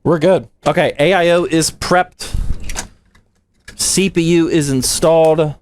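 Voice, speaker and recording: A young man from the United States streams a PC build, his voice sitting a little high for a man. He keeps it slangy and playful, throwing "dude" and "man" at his chat as he works. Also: fairly even intonation, takes it slowly, darkish tone, a little hiss or hum. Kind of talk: casual livestream chat while building a PC.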